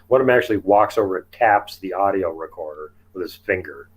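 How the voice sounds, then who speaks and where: A man telling outdoor encounter stories in a casual interview, chatty and quick to laugh. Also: low voice, expressive, low-quality recording. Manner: chatty, laughs often, acts out quotes. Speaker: guest telling field encounters.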